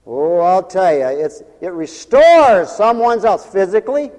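Fervent high-voiced male preacher in a hall. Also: sing-song, a little slow, darkish tone. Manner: fervent, swings from high exclamations to low muttered asides; repetitive, rhythmic phrasing with interjected hallelujahs. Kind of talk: revival sermon. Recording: long hall reverb.

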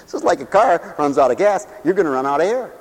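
A man's voice: on the high side, lively intonation, fast, background noise. A man preaching a humorous sermon in a theatrical way, laughing at his own jokes, in a hall with long reverb.

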